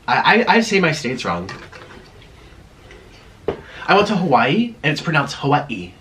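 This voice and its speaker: A man's voice: on the high side, big pitch swings, unhurried, a bit bright, a little hiss or hum. A man chatting casually while eating on camera, rambling and laughing at himself. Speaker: mukbang vlogger.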